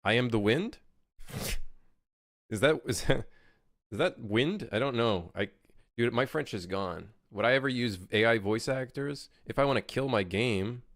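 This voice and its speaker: A man's voice: mid-range voice, lively intonation, a little slow, fairly bright tone, no echo, clean studio sound. Exasperated, swearing young male streamer. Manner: profane, exasperated, talks to chat. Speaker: streamer and game developer. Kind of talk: casual livestream chat.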